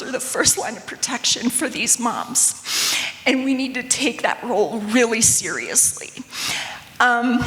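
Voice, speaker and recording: A woman's voice: fairly high pitch, a bit bright. A woman speaking as a parent advocate in an audience, earnest and emotional, her voice close to tears. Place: conference hall. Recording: long reverb of a large hall.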